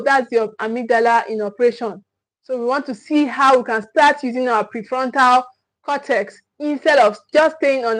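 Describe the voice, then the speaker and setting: Nigerian woman, parenting coach on a live stream, fairly high voice, repetitive and emphatic delivery. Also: poor audio. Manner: repetitive, emphatic, thanks viewers often. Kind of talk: live-stream teaching talk.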